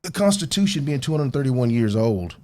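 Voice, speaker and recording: A man guest on a talk show, speaking earnestly and deliberately about purpose and opportunity, with the hiccups. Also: medium pitch, sing-song, a little mellow. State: has the hiccups. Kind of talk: casual talk show conversation.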